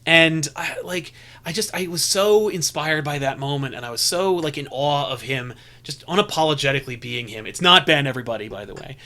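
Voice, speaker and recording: Podcast co-host, young man, high and bright voice, rambling casual storyteller. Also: a little fast. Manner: rambling storyteller with many restarts. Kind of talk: casual chat.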